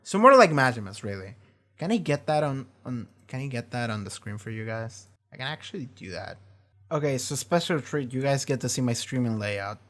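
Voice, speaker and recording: A man's voice: medium pitch, brisk. Profane, rambling male reaction streamer. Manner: animated, profane, rambling with restarts. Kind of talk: casual reaction commentary. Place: home streaming setup.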